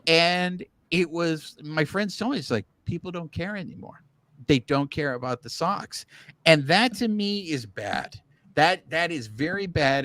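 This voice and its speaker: A man's voice: on the high side, fairly bright tone, no room sound. A man co-hosting a baseball podcast, chatting casually and animatedly, often restarting his sentences. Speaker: podcast co-host. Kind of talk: casual sports chat.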